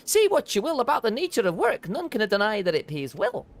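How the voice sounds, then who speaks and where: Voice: medium pitch, wildly swooping pitch, brisk, voice pushed up. A streamer voicing a small, blind, retired mercenary turned wine merchant, with a put-on Scottish accent and a raised, theatrical delivery. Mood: measured. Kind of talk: reading game dialogue aloud.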